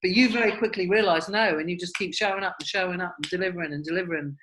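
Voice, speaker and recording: A woman with a fairly low voice hosts a podcast over a video call. She talks in a chatty, encouraging way and rambles through her points with plenty of fillers. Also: very fast, a bit bright, slight background noise. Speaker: podcast host. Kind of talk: casual video-call chat.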